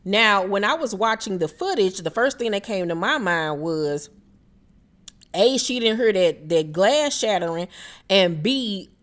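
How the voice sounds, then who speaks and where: A woman's voice: medium pitch, animated, measured pace. A young woman hosting a casual, blunt reality TV recap, swearing and throwing in exaggerated mock reactions. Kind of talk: casual commentary.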